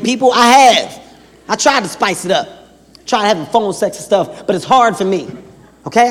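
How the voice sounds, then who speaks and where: A male stand-up comedian telling stories in a loud, playful and profane way on a club stage. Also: high voice. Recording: live comedy club, crowd and noise, reverb.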